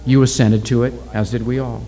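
A man's voice: medium pitch, fairly quick, lightly acted. A man voicing a stern, solemn witch doctor. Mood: cold calm. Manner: solemn, flat and commanding. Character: stern male tribal witch doctor, commanding.

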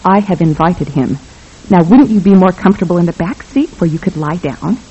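A narrator voicing a prim, anxious Mormon husband in an audiobook, earnest and pleading, sometimes in a fierce hush. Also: mid-range voice, expressive, fairly quick, husky, dull audio. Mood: urgent hush.

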